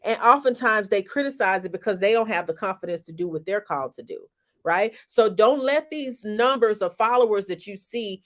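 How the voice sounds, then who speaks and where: A woman's voice: medium pitch, expressive, normal speed. A woman business coach giving an emphatic, motivational talk on a social media live, repeating key phrases like a preacher.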